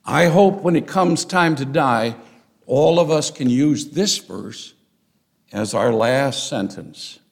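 Slow, gravelly older male preacher. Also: mid-range voice. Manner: deliberate, emphatic preaching with rising stresses. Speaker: pastor. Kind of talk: expository sermon.

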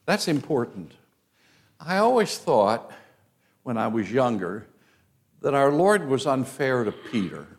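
Male preacher, lively pitch, slow deliberate sermon delivery with dramatic swings in loudness. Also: gravelly. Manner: dramatic, acts out quoted voices, swings from loud to hushed.

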